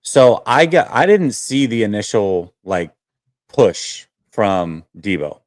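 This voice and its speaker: A man hosting a casual sports talk show, telling a story with lots of fillers and animated detail. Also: lowish voice, takes it slowly, no echo, studio quality. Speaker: host.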